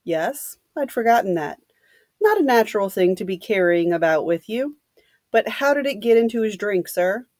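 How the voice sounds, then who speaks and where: A woman reading the lines of a blunt, gruff man, an ex-policeman, in a dry room. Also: mid-range voice, animated, moderate pace, a little mellow, no echo, lightly acted.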